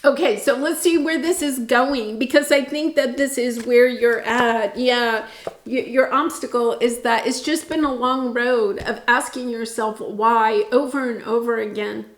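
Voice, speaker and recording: A woman's voice: fairly high pitch, fairly even intonation, unhurried. A woman giving an intuitive tarot reading, earnest and meandering, heartfelt in her delivery. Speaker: tarot reader. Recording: roomy echo.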